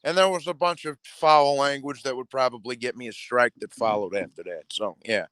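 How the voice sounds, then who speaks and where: A man's voice: medium pitch, fairly quick, a bit bright, no room sound. A man hosting a boxing talk show, rambling casually and swearing, calling his viewers "bro". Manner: profane, streetwise, talks to viewers as "bro".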